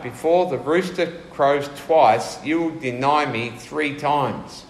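A man preaching a relaxed, conversational sermon and asking his congregation questions as he goes. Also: on the high side, takes it slowly, hardly any pauses, slight background noise. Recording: echoey room with faint ambience.

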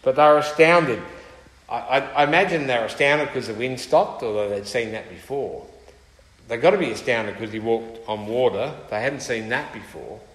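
A man's voice: medium pitch, animated, normal speed. A man preaching a sermon with emphasis, often putting rhetorical questions to his listeners. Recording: echoey hall with long reverb.

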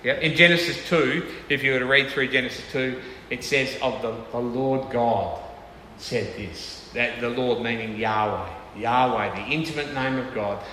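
A man delivers a sermon in a casual, talking-with-you manner, often tossing questions back to the room. His voice is bright and forward. The recording carries the long echo of a large hall, with faint ambience behind him. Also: mid-range voice, normal speed, a little hiss or hum. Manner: conversational, checks in with the audience often. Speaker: preacher.

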